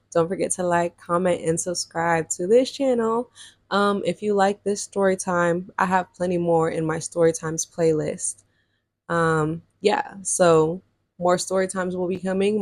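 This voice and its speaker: This is a casual storytime from a vlogger in her early twenties, who speaks in a fairly low voice. She retells things in an animated, chatty way, with plenty of fillers. The recording is dry and studio quality.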